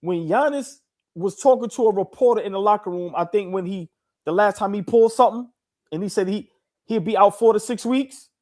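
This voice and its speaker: High-voiced rambling man in casual chat. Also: a little fast, a little mellow. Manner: rambling, restarts a lot, says "listen" often. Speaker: podcast co-host.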